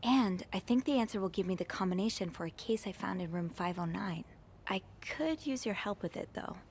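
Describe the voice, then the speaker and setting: A woman plays a curious young woman in a video game who pokes into hotel mysteries. She talks in an easygoing, matter-of-fact way at a mid pitch, with faint ambient sound in the background. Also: lively intonation, a little fast, darkish tone, slight background noise, lightly acted. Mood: calm.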